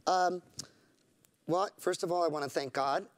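A man, a rock band frontman, chatting as a guest in an interview, enthusiastic and warm, leaning on fillers. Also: high voice, unhurried, no room sound. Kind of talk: casual interview chat. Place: studio, for a live web broadcast. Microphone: studio microphone.

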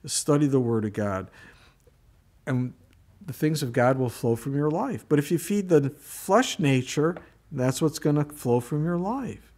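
A man's voice: on the high side, a little slow. Man preaching a casual sermon. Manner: storytelling, animated in anecdotes. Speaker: pastor.

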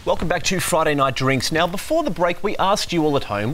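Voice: mid-range voice, expressive, fairly quick, hardly any pauses, fairly bright tone, a little hiss or hum. A quiz show host with a jokey, playful manner who laughs at their own lines. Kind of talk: hosting a pop-culture quiz. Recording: music playing behind the voice.

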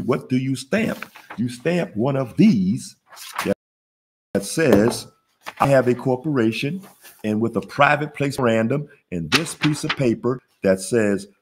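A man's voice: mid-range voice, a little hiss or hum. A man hosting a business webinar, talking in a casual, preachy way with lots of call-and-response questions. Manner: preachy, call-and-response, laughs at own jokes. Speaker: webinar host, business funding teacher. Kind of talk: casual motivational webinar teaching.

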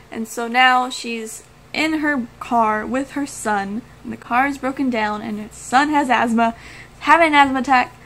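A woman vlogger talks casually and gushes with enthusiasm, laughing often as she goes. Her voice sits a little high. Faint noise hums behind her. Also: fairly bright tone, low-quality recording. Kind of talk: casual movie-review chat.

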